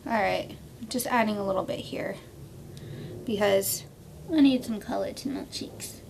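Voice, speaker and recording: A woman's voice: medium pitch, a little slow, gravelly, a little mellow, slight background noise. A woman in her thirties chatting casually through a makeup tutorial at home, playful and prone to inventing silly words as she works. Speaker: beauty vlogger. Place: at home, indoors.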